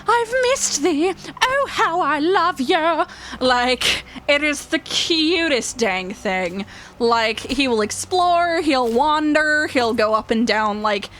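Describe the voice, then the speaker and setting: A woman's voice: on the high side, a bit bright, slight background noise. A young woman talking casually in a gaming vlog, chatty and gushing, with lots of fillers. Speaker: gaming YouTuber.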